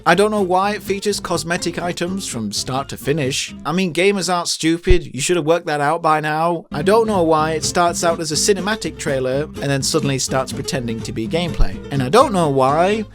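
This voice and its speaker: Sarcastic man ranting in rapid questions. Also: on the high side, expressive. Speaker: gaming commentator. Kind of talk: scripted rant commentary. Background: background music.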